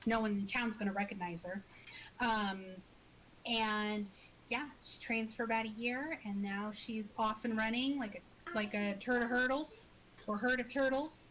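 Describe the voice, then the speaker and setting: A woman's voice: on the high side, steady tone, unhurried, fairly bright tone, poor audio. Woman gushing about her game character, lots of restarts and laughs, faint hiss on the recording. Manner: chatty, laughs often, many restarts. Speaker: podcast co-host. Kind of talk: casual chat about a tabletop character.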